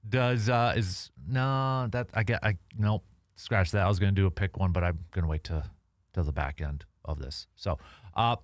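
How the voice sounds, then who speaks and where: A man hosting a casual sports radio show, animated and halting with fillers and restarts. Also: deep voice, no room sound, clean studio sound. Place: radio studio.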